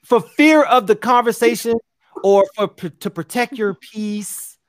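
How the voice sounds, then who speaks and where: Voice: mid-range voice, unhurried, dry recording, studio quality. A podcast co-host giving opinions in casual chat, emphatic and direct.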